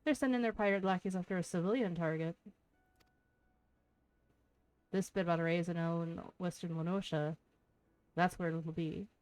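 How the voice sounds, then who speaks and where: A woman voicing a coarse, scheming male tavern keeper in a rough put-on Irish-sounding brogue, reading game lines aloud. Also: mid-range voice, normal speed, a little mellow, no room sound, lightly acted. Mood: gruff. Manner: swearing, blunt, drawled.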